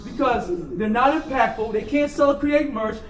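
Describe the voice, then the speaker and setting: High-voiced battle rapper, loud and punchy. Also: male voice, normal speed. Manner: loud, punchy, repeats lines and laughs at his own bars. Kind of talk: battle rap performance. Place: large indoor hall. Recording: echoey hall, distant mic, loud crowd.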